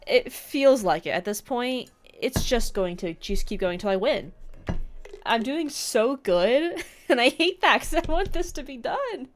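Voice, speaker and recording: A woman's voice: sits high, lively intonation, a little slow, faint music behind. A woman hosting a casual let's-play, rambling and swearing in frustration as she plays. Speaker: gaming channel host.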